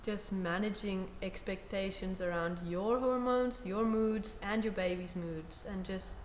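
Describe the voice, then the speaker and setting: A woman guest and first-time mother in a casual chat, agreeable and quick to laugh. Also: medium pitch, reverberant, a little hiss or hum. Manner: agreeable, laughs often, many short backchannels.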